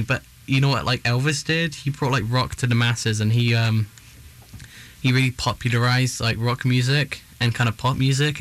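A man's voice: medium pitch, a bit bright. A young man from England with an English accent, co-hosting a casual chat and rambling with many fillers. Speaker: co-host.

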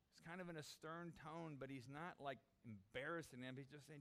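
Animated preaching man, slightly high voice. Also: fast talker. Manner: animated, acts out the disciples' pleas in a raised voice. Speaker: pastor. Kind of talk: sermon.

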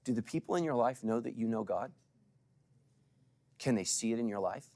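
Male pastor, middle-aged, mid-range voice; dynamic live sermon with loud peaks and quiet asides. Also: mid-range voice, expressive, moderate pace. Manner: dramatic swings from loud calls to hushed asides; preaching to a live congregation with call-and-response.

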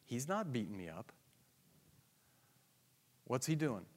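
Man, preacher, sermon, quiet drawn-out asides, loud emphatic questions, medium pitch. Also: sing-song. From United States. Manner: acts out dialogue and inner thoughts, laughs often.

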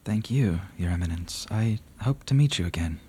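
A man voicing a mysterious cloaked rider who speaks formally and solemnly, with a husky voice. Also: fairly low pitch, lively intonation, moderate pace, dark tone, pitched above the performer's own voice. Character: mysterious cloaked male rider, grave and courteous. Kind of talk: tabletop role-play.

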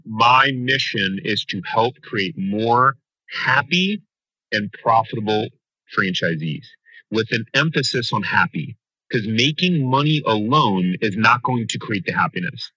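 A man with a lower voice speaks as a franchise coach in a podcast interview. His delivery is energetic and emphatic, with a sharp, forceful edge and a dry, close sound. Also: unhurried, dry recording, muffled recording.

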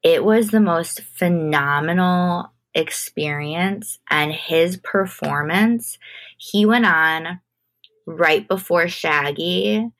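A young woman with a low-pitched voice speaks slowly in an interview. She tells her story in a relaxed, casual way, leaning on "like" as she goes. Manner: relaxed, unhurried, casual with frequent "like". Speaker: guest, entertainment manager.

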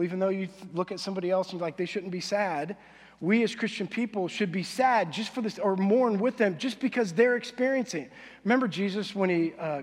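A man preaching a sermon as pastor, conversational and animated, acting out quoted voices. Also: high-pitched, slightly rough. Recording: long hall reverb.

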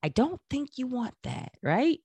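A middle-aged woman giving career advice in an emphatic, animated talk, acting out quoted remarks. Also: high-pitched, unhurried, husky, no echo. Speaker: career coach. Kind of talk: instructional talk.

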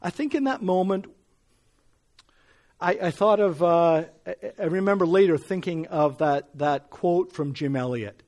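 Middle-aged male preacher, slightly high voice, earnest storytelling sermon that swells into forceful emphasis. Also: unhurried. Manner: earnest, rising to emphatic when reading scripture.

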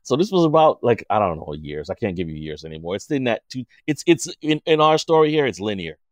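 Animated man telling stories. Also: fairly low pitch, fast talker, no room sound. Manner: animated storyteller, acts out quotes in a raised voice. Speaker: podcast guest. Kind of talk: casual chat.

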